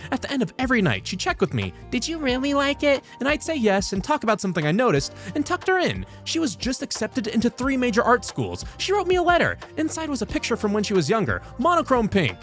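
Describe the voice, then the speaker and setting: A man reading funny posts aloud as comedic scripted narration, highly animated and jumping between voices. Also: fast talker, few pauses, faint music behind. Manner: highly animated, frequent sudden voice shifts.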